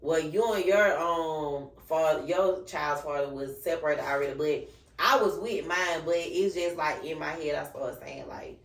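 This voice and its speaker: A woman hosting a podcast, chatting casually and telling a personal story in an animated way, acting out the voices of the people she quotes. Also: deep voice, moderate pace. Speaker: podcast host. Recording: roomy echo, mic at a distance.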